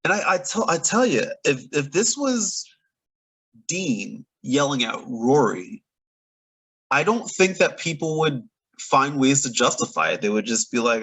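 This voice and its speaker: A man giving a casual, opinionated TV episode recap, animated and often laughing between points. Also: medium pitch, measured pace, breathy edge, poor audio. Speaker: TV recap reviewer. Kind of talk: casual reaction review.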